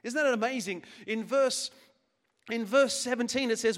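A middle-aged pastor preaches with a notably high voice, stressing and repeating his key phrases. He slips in self-deprecating jokes between earnest points. His voice carries a long reverb from a church hall. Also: moderate pace, a bit bright. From Australia. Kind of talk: sermon. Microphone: handheld microphone.

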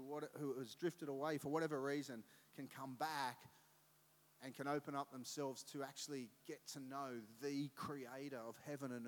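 Middle-aged pastor preaching in a hall. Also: male voice, fairly high pitch. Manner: animated storytelling, acting out voices loudly. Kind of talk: sermon. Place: church auditorium. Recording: long reverb of a church hall.

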